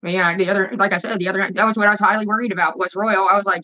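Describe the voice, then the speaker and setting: Woman, casual vlog rant, profane and blunt, rapid talk, muffled lo-fi audio. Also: mid-range voice, steady tone, bright, forceful tone. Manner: profane, blunt, rambling storytelling. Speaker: vlogger. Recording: dull lo-fi phone audio.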